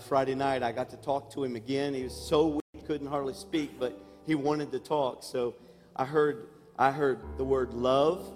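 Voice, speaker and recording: A senior pastor giving church announcements and leading an earnest, emotional prayer that grows fervent. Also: male voice, mid-range voice, a little mellow. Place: large church sanctuary. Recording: live church recording with long reverb and music behind.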